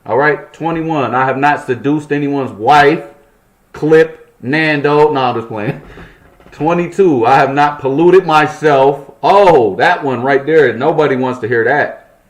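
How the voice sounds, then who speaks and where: A man's voice: fairly high pitch, a little slow. Profane man riffing through a list. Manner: profane, joking asides between numbered items. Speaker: channel host. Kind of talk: reading a list with loose commentary. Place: apartment.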